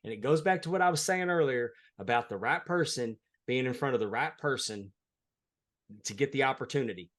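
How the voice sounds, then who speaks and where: A man's voice: mid-range voice, expressive, a little fast, fairly bright tone. A man, a wrestling referee, telling a heartfelt story in a casual interview. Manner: earnest, heartfelt, plain-spoken.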